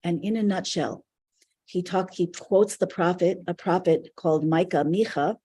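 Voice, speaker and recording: A woman's voice: lowish voice, normal speed, warm tone, breathy edge. A woman teaching a live online spiritual class, speaking earnestly in loose, flowing, reflective phrases.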